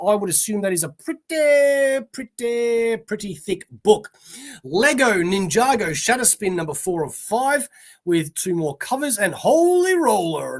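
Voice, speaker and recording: A man's voice: high-pitched, fairly bright tone. An Australian man hosting a comic pre-order show alone, reading titles like a newscaster and trailing off into mumbled asides. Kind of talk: casual solo list reading.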